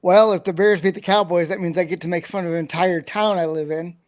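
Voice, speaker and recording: High-voiced wry man. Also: fairly even intonation, fast. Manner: wry, joking. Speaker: podcast guest. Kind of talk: casual sports talk.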